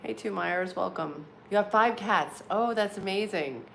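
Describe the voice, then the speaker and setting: Slightly bright, medium in pitch and a little slow, this woman in her forties hosts a casual livestream from home. She chats with her viewers, laughs often, and fills pauses with "like" and "um." Background noise comes through clearly.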